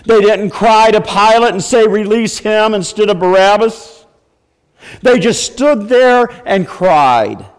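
High-voiced preaching man in a church. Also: expressive, takes it slowly, clean tone, big-room sound. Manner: preaching with acted outbursts of mock wailing. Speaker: pastor. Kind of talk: sermon.

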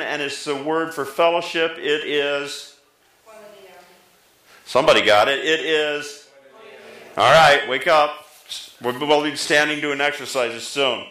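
A middle-aged man preaching a sermon as pastor, lively, often rising in pitch for emphasis and drawing answers from the congregation. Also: echoey room, poor audio. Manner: lively, pitch jumping up for emphasis, talks back and forth with the congregation.

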